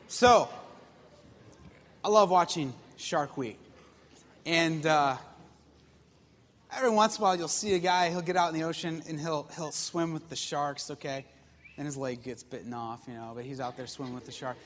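A man preaching to young people, lively and joking, asking the crowd questions and bringing a volunteer up on stage. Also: fairly high pitch, moderate pace, pauses often, in a large hall. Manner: lively, jokey, talks straight to the crowd. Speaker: youth pastor. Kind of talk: sermon with audience participation.

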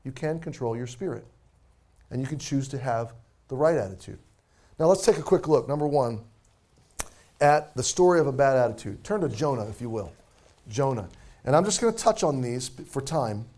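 A man's voice: mid-range voice, animated, normal speed, long pauses, darkish tone. A man in his forties, a pastor preaching a sermon as a casual, self-deprecating story.

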